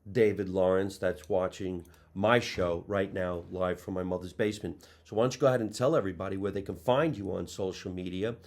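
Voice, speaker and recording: A man's voice: on the low side, a little mellow. A man hosting a live talk show, asking loose, chatty questions with plenty of fillers. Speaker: host. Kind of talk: casual live-show interview.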